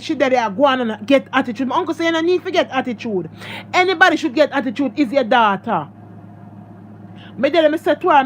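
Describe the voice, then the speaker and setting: Woman, Jamaican accent, high voice, emotional personal story, repetitive, talks to viewers, faint traffic behind. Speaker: social media storyteller. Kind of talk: casual storytelling to followers.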